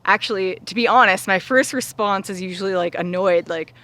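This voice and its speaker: A woman's voice: mid-range voice, brisk, a bit bright. A young woman vlogger talking earnestly and casually to her viewers, with lots of fillers and small laughs. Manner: earnest, many "like" fillers, laughs between thoughts. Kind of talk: casual heartfelt talk to viewers.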